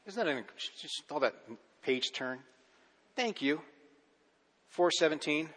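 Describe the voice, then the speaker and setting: A male pastor preaching a sermon with rising intensity and dramatic pauses. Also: a little high, lively intonation, fairly bright tone. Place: church sanctuary. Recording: long reverb of a church hall.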